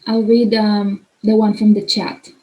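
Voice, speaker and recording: Effusive young woman, mellow and roomy. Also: mid-range voice, flat delivery, a little slow, dull audio. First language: not English. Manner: effusive, chatty, many fillers. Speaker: host of a mentoring clinic. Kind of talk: casual online workshop talk.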